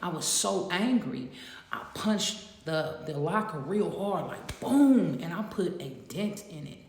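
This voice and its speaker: A woman's voice: fairly low pitch, lively intonation, measured pace, slight background noise. A woman telling a profane jail story casually to her audience, laughing often. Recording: echoey roomy sound with long reverb.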